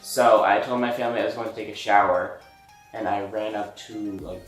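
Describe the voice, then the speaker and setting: A man's voice: fairly low pitch, fairly even intonation, a little fast. Chatty young man in an echoey room. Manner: rambling storytelling full of "like". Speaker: co-host. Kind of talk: casual chat. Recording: echoey room with faint music.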